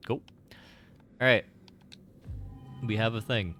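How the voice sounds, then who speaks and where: A man's voice: lowish voice, measured pace, long pauses, sharp tone, a little hiss or hum. A man casually commenting while playing a game on stream, rambling with many "like" fillers and side remarks.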